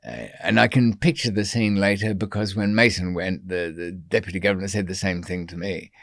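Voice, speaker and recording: A man's voice: low-pitched, steady tone, brisk, creaky, no room sound, studio quality. A man who is a podcast guest, telling a long story in an interview in a rambling, digressive way, with many ums and wry asides.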